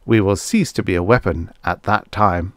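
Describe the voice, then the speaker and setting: A man voicing a calm, formal alien oracle machine that speaks in measured, unhurried sentences. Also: low voice, no echo, studio quality.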